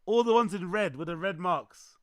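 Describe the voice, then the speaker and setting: A young man, his voice worn hoarse, chatting loosely to his livestream audience, repeating himself and swearing as he goes. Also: high voice, normal speed, no room sound. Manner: loose, repetitive, swearing, talks to chat. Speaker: livestream host. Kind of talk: casual livestream chat.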